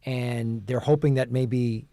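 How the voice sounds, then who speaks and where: A man's voice: mid-range voice, fairly even intonation, slow, mellow, dry recording, studio quality. A man on a casual film podcast, recounting background facts in a conversational way. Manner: conversational, shares background facts, frequent "right" backchannels. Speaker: podcast co-host or guest. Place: podcast studio.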